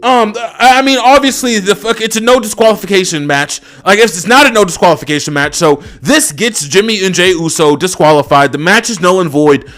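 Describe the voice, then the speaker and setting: A man's voice: sits high, fairly quick, hardly any pauses, a bit bright, faint music behind. A young man ranting unscripted as a wrestling reviewer, exasperated and profane, full of fillers. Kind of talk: unscripted rant.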